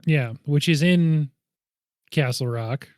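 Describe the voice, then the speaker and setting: A man's voice: on the high side, takes it slowly, a little mellow, no echo, clean studio sound. A man co-hosting a movie podcast, chatting casually and hedging his guesses with self-deprecating laughs. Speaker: podcast co-host.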